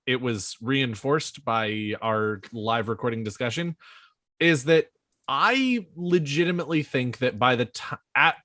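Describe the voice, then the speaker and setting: A man's voice: medium pitch, a bit bright, dry recording. A man co-hosting a podcast, discussing a book series in a rambling, casual way with filler words and the odd swear. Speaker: podcast co-host.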